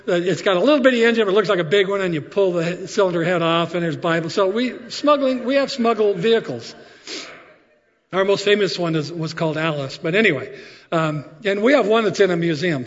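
A man preaching a sermon, telling stories in a conversational, animated way with frequent asides. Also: high-pitched, long reverb tail, muffled recording. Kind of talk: sermon storytelling.

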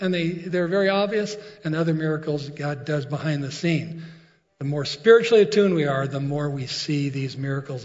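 A man preaching a sermon, retelling a story in an earnest, storytelling way. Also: a little high. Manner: storytelling, earnest, with filler restarts. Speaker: pastor. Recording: long echo, dull lo-fi sound.

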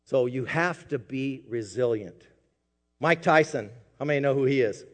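A man preaching a sermon as pastor, swinging from quiet asides to loud emphatic peaks. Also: mid-range voice, normal speed, long reverb tail.

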